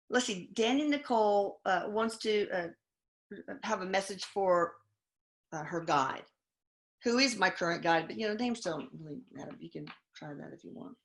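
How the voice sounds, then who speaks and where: Woman host at a mid pitch, casual and hesitant, reading questions aloud with lots of fillers. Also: creaky, a bit bright. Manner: hesitant, many fillers, reads names haltingly. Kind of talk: casual live Q&A.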